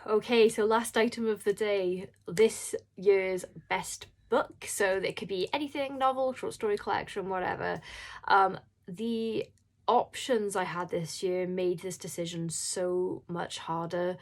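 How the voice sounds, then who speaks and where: An indie horror author talks casually to camera in vlog style, emotional, rambling, and apologetic. Her mid-range voice holds a steady tone at a measured pace.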